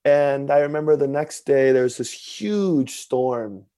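A man's voice: medium pitch, a little slow, mellow, no room sound. A man who is a podcast guest tells a personal story in a casual, conversational way, candid and self-mocking, and acts out what other people said.

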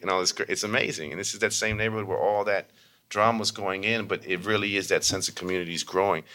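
Brief: quick, low-pitched man, bright tone, lively storyteller who mimics others. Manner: animated, acts out quoted voices in high pitch. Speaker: community meditation teacher. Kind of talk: casual storytelling interview.

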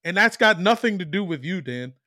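A man's voice: high voice, animated, fairly quick, bright, forceful tone, dry recording, clean studio sound. A man co-hosting a sports podcast, joking about fans. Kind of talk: casual chat.

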